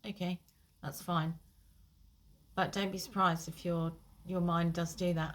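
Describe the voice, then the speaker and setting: A woman's voice: fairly low pitch, fairly even intonation, unhurried, long pauses, fairly bright tone, slight background noise. A woman, an IBS therapist, talking straight to her listener with frank encouragement and the odd light swear. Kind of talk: casual direct-to-camera advice.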